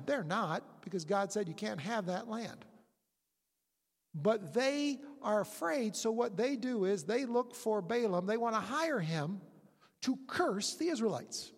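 A preacher retelling a scripture story in a sermon, animated and storytelling, sometimes acting out the characters' lines. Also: mid-range voice, big-room sound.

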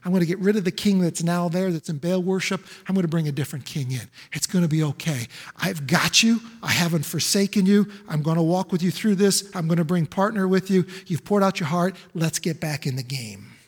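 A man taking on a gentle, fatherly divine voice that speaks softly and reassures. The tone stays calm and hushed, with long reverb ringing behind it in a large hall. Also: brisk, hardly any pauses, slightly rough. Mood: reassuring. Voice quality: soft, lowered and hushed.

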